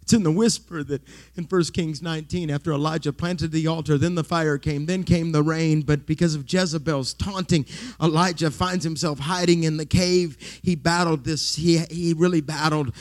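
A middle-aged male pastor preaching a sermon, dropping to hushed whispers and then rising to loud exclamations. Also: a little high, fairly even intonation, normal speed.

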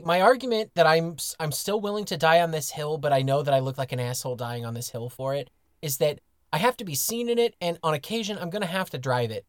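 A man's voice: on the high side, no room sound, clean studio sound. A man from the United States co-hosting a podcast, talking in a candid, self-mocking, casually profane way. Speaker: podcast co-host. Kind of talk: casual chat.

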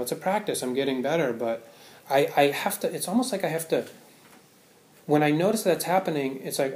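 Giving a Buddhist Dharma talk to a live audience, a man speaks conversationally in a medium-pitched, darkish voice with a roomy sound. He often checks in with "right?", and the audience can be heard laughing.

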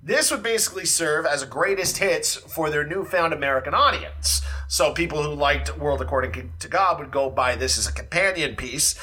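A man co-hosting a casual music podcast, retelling comedy bits with animated impressions. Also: fairly high pitch, normal speed, hardly any pauses. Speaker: podcast co-host. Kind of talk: casual chat.

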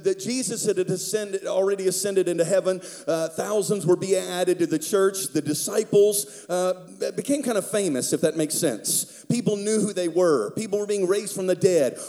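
A man's voice: high voice, warm tone. A man preaching a sermon as pastor, leading prayer and talking conversationally with humor.

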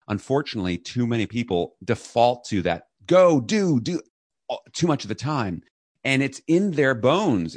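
Deep-voiced man telling a story. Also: no room sound, studio quality. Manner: earnest, reflective, acts out quoted lines loudly. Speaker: guest. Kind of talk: storytelling in a podcast interview.

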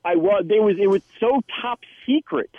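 A man's voice: high voice, lively intonation, moderate pace, dry recording. Man telling stories over a tinny phone line. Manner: chatty storyteller with many restarts. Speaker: actor and guest. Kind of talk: casual interview anecdote.

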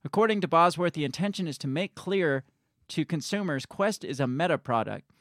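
A man's voice: a little high, expressive, fairly quick, fairly bright tone, dry recording, clean studio sound. A man co-hosting a casual talk stream, reading news aloud and adding his own blunt comments, often laughing and swearing. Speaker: co-host of a live-streamed talk show.

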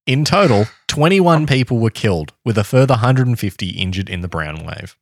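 A man hosting a podcast, reading a history story aloud to his co-host in a steady tone with dry asides. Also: medium pitch, a little fast, no echo.

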